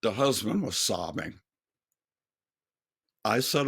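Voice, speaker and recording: Slow, gravelly older man telling a story. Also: lowish voice, lively intonation, fairly bright tone. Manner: slow, earnest storytelling with quoted dialogue. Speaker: singer and speaker. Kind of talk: testimony storytelling.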